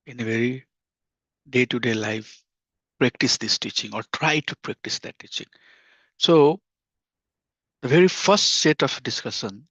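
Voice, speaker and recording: A man's voice: medium pitch, fairly bright tone, no room sound. Earnest man teaching scripture, dry lo-fi. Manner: earnest teaching tone, quotes scripture, repeats key phrases. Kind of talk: scripture class lecture. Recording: dull lo-fi dry recording.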